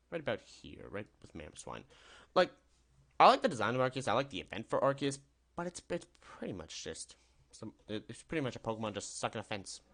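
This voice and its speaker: A young man with a fairly low voice that swings up and down a lot as he talks. He rambles cheerfully through casual gaming commentary, often restarting and correcting himself mid-sentence. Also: a bit bright. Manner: upbeat, rambling, self-correcting. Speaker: gaming YouTuber. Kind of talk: casual tier-list commentary.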